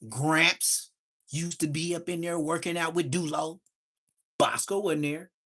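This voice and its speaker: A livestream host with a fairly high voice speaks at a measured pace, casually telling street stories. His delivery is animated, and he acts out the voices of the people involved.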